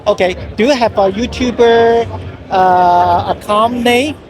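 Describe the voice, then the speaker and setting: Halting man in a crowd. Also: high-pitched. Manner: halting broken English with fillers. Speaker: trade show exhibitor. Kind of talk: casual conversation. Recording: busy crowded trade show hall.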